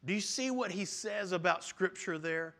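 Male preacher, high bright voice, earnest sermon delivery with restarts. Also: normal speed, creaky. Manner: earnest, with frequent restarts and repeated phrases.

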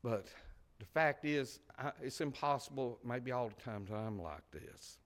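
A man preaching a sermon, swinging between loud emphasis and quiet, near-whispered asides. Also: mid-range voice, lively intonation, a little slow.

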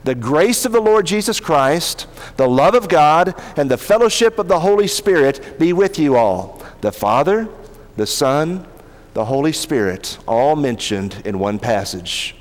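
A male pastor preaching a sermon, reading scripture aloud and slowing down to stress key words. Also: a little high, sing-song, big-room sound.

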